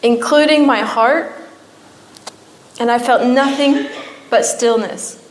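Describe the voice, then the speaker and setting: A woman's voice: fairly high pitch, takes it slowly, a little hiss or hum. A young woman giving an emotional personal testimony at a church, her storytelling rising at times into pleading. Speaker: church speaker. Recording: echoey church hall.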